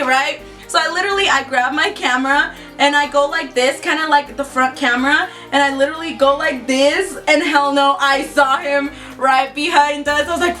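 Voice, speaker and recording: A young woman vlogger excitedly retelling a scary story, swearing freely and acting out the lines of the people in it. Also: high voice, brisk, few pauses, soft background music. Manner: excitable, swears a lot, quotes herself and others in acted voices. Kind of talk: storytime vlog, casual retelling.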